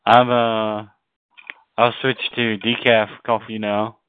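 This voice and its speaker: A man on an online group call, making calm, dry remarks. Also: fairly low pitch, takes it slowly, clean tone, phone-quality sound. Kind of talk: casual group chat.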